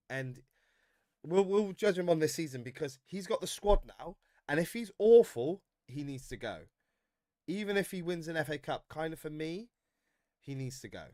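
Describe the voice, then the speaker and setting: A man hosting a casual football fan livestream, reading viewer comments with animated banter and frequent laughs. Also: on the high side, dry recording, studio quality.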